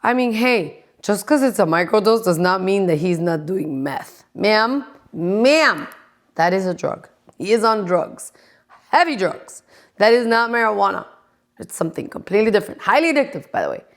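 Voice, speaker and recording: A woman's voice: medium pitch, lively intonation, a little fast. A woman in her forties hosting a podcast, ranting casually with lots of swearing and sarcasm. She talks straight to her listeners and often drops into stage whispers. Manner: profane and exasperated, dropping into stage whispers; sarcastic, addresses the audience directly. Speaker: podcast host.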